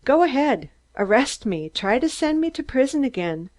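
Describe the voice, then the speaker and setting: A woman reading an audiobook, voicing a stunted, excitable man who rants in shrill, staccato bursts. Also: moderate pace. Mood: gloating. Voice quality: shrill, squeaky. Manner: screaming, staccato, gloating.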